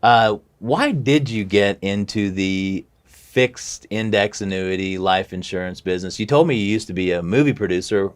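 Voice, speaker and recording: A man's voice: fairly low pitch, moderate pace. A man, a company president, hosting an interview with a scripted introduction and plain questions.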